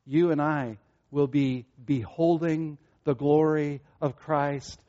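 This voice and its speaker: A man preaching a sermon earnestly, repeating himself and building to excited peaks. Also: fairly high pitch, slow, dull audio. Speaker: pastor.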